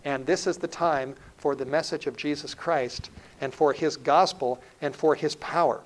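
A middle-aged male preacher giving a sermon in an earnest way, building up loudly and then dropping to a hushed, intimate tone. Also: fairly high pitch, steady tone, normal speed, poor audio. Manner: earnest, swells loud then drops to a hushed tone.

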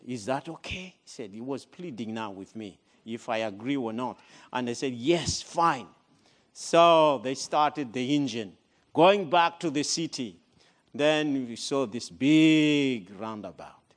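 Slow-speaking man telling a sermon story. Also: medium pitch. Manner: slow, deliberate, with dramatic swings in loudness. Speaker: guest speaker.

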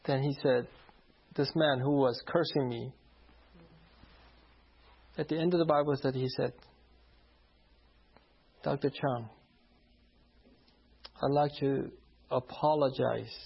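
A man's voice: mid-range voice, fairly even intonation, slow pace, vocal fry, long pauses, breathy edge. A man preaching, telling a personal story from the pulpit, often laughing and acting out the voices of the people in it. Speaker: pastor. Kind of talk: sermon storytelling. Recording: dull lo-fi sound.

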